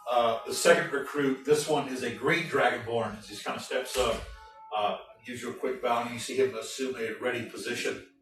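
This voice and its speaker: A man with a Southern accent narrating as game master, lively and halting, with frequent restarts. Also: medium pitch. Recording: very echoey room, mic far off, music behind.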